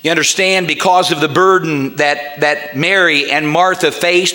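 A man preaching a sermon as pastor, swinging into loud shouted passages and stumbling over repeated words. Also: a little high, steady tone, normal speed.

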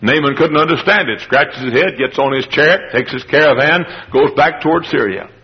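A man preaching a revival sermon, acting out the people in the story and shouting at its high points. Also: brisk, in a large hall, lo-fi sound. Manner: dramatic, acts out the characters in the story, shouts at climaxes.

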